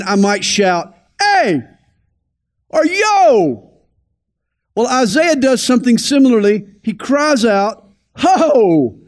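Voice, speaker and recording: A man with a notably high voice teaches scripture on the radio. He is deliberate and emphatic, and he drops into soft, quiet asides. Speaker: pastor.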